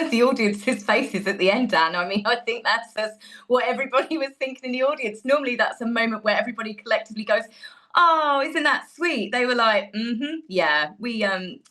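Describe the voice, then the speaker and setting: A woman guest commentator with a fairly high voice. She sounds skeptical and sarcastic, and she slips into mock quotes as she picks things apart. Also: quick pace, fairly bright tone. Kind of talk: opinionated commentary.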